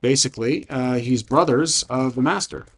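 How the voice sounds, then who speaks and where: A man's voice: mid-range voice, normal speed, a bit bright, slight background noise. Casual man narrating a solo tabletop game. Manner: thinking aloud, frequent restarts and self-corrections; casual, conversational. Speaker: solo game master and player.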